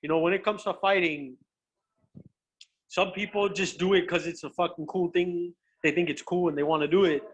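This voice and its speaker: A young man, a professional fighter, chatting as a guest and telling stories in an animated, profane way, often restarting his sentences. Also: high-pitched, normal speed. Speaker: guest, pro MMA fighter. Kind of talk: casual chat, storytelling.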